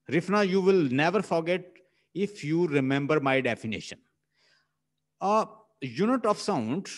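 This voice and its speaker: In a classroom lecture on linguistics, a man with a Pakistani English accent repeats his points and sounds out words syllable by syllable. His voice sits on the high side.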